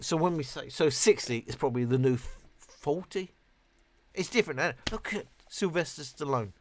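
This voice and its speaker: This British man in his late fifties has a mid-range voice, recorded with no room sound. Slightly tipsy, he chats on a live stream, rambling and cursing as he reads out viewer comments.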